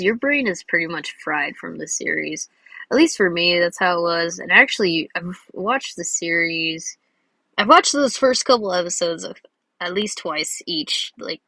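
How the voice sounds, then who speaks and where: Drawing creator, woman, slow and chatty, dry close sound. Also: fairly low pitch, bright, forceful tone, no room sound. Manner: rambling and giggly, many fillers. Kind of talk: casual commentary while drawing.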